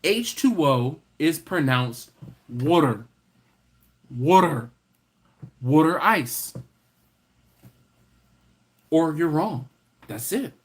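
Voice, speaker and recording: A man's voice: on the high side, big pitch swings, slow pace, pauses often, husky. Playful man hosting a live chat. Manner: playful, teasing, banters with chat. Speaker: livestream host. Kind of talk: casual live chat reading comments.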